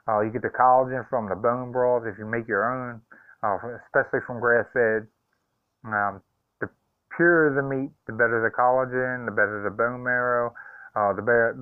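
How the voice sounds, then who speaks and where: A man's voice: mid-range voice, clear, resonant tone, no echo. A man talking casually to his viewers in a hesitant, heartfelt way, with many ums and uhs. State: choked up. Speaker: vlogger. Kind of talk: casual vlog talk. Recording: tinny phone-like sound.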